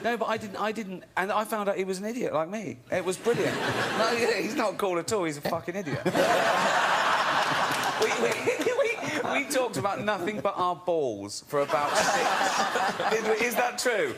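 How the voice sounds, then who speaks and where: A man chatting as a guest on a talk show, stammering and often breaking into high laughter. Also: lively intonation, moderate pace, very noisy. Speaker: guest, comedian and director. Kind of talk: chat show banter.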